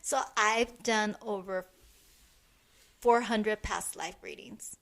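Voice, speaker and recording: A middle-aged woman co-hosting a podcast, speaking softly and haltingly with many restarts. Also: medium pitch, fairly even intonation. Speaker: podcast co-host, medium. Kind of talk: casual chat.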